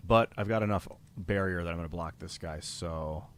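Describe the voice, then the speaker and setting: A man commentating his own card game on a live stream, thinking aloud about his moves in a casual, profane way and getting excited when thanking viewers. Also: deep voice, moderate pace, smooth. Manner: reads out donor names with rising excitement.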